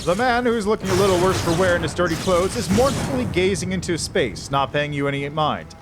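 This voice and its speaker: A man's voice: high-pitched, expressive, brisk, heavy background noise. Wry man reading a game aloud. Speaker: streamer. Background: game music.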